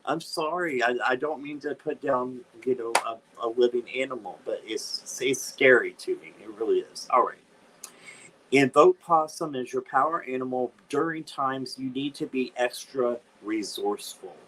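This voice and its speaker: A man's voice: medium pitch, normal speed, fairly bright tone, slight background noise. Chatty male tarot reader, live stream. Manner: chatty, dramatic squeals of disgust. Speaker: tarot reader, channel host. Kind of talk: live-stream card reading.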